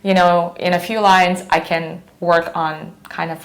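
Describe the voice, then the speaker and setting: A woman with a Kyrgyz accent, an actress chatting as an interview guest, animated and full of fillers. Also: on the low side, measured pace. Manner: animated, mimics others in quotes, many fillers. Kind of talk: casual interview chat.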